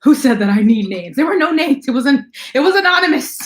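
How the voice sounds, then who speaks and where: Fast-talking, chatty woman livestream host. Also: high-pitched, sing-song. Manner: talks fast, chatty, greets viewers by name. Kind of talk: casual livestream chat.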